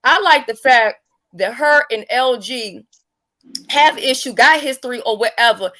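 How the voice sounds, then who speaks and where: A woman hosting a casual live-stream chat, blunt, profane and animated. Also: a little high, a little slow. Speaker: livestream host.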